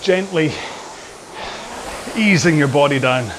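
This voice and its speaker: A man's voice: on the high side, slow pace, noisy background. A man hosting a rowing workout from his home garage, chatting casually in a rambling, jokey and self-deprecating way during the cool-down.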